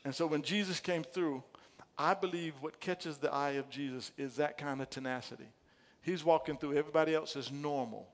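A man preaching a sermon with fervour, stumbling over repeated words and rising from quiet asides to shouted emphasis. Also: on the high side, fairly quick. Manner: stammering restarts and repeated words. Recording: long echo of a large hall.

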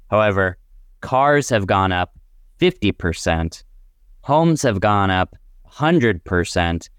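Low-voiced laid-back young man. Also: clean tone, dry recording, clean studio sound. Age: young adult. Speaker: co-host. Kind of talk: casual podcast chat.

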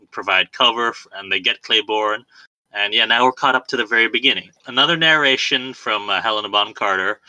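A man's voice: lowish voice, pushed and bright, no echo, low-quality recording. A man co-hosting a podcast in casual film review chat, chatty and self-deprecating, laughing often. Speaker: podcast co-host.

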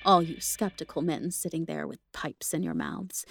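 A woman giving an expressive, emotional first-person reading of a ghost story for a podcast. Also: low voice, normal speed, gravelly, husky, faint music behind. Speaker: podcast reader.

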